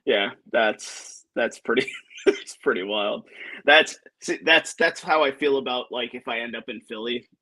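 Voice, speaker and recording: A young man joins a sports podcast as a guest and chats casually. He answers briefly in an easygoing way, with a voice of ordinary middle pitch. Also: unhurried, bright, forceful tone, low-quality recording. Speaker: guest listener.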